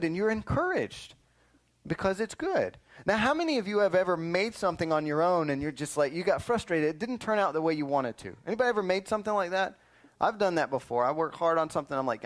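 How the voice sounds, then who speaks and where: A man teaching a lively Bible lesson to children, quizzing them and often calling "listen up" to get their attention. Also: high voice, quick pace. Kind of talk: animated Sunday school lesson.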